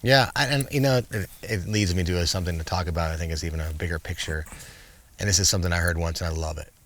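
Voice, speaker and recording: A middle-aged man in casual interview chat, an animated storyteller who acts out the commands he once gave his bear. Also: deep voice, fast, slight background noise. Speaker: guest, wildlife filmmaker.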